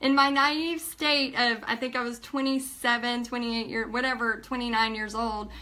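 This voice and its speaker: A woman nearing forty tells a personal story to her viewers, emotional and animated, acting out what people said. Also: on the high side, moderate pace. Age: almost 40. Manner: emotional, animated retelling with acted-out quotes. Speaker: paint party instructor.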